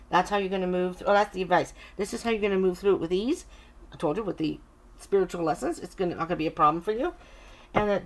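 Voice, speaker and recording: A middle-aged woman doing a casual tarot reading to camera, chatty and reassuring, often interrupting herself. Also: mid-range voice. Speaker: tarot reader.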